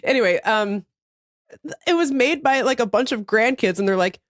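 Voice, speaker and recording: A woman's voice: a little high, moderate pace, no room sound, studio quality. A woman co-hosting a casual podcast chat, telling stories with lots of feeling and acting out what people said. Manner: animated storytelling, acts out quotes; laughs while talking about crying. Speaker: podcast co-host.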